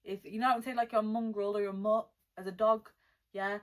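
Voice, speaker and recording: Her voice sits at a medium pitch with a steady tone. A young woman rapper, Welsh-born and now based in the West Midlands, she carries a mixed British accent with West Midlands and London traces, and fields fan questions in a casual vlog, chatty, blunt and slangy, reading each question out slowly.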